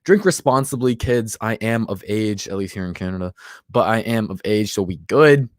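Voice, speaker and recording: A man's voice: fairly low pitch, lively intonation, moderate pace, no echo. A man in his twenties hosting a casual livestream, a bit tipsy, bantering loosely and reading out chat comments. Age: 20s. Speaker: livestream host.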